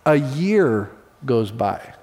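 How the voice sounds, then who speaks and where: A male pastor preaching a sermon in a relaxed, conversational storytelling manner with quick asides. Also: medium pitch, big-room sound.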